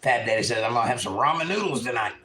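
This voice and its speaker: A man's voice: mid-range voice, expressive, very fast, sharp tone, a little hiss or hum, poor audio. A man from eastern North Carolina with a Southern accent, hosting a casual livestream at home and reading chat messages aloud in a folksy way.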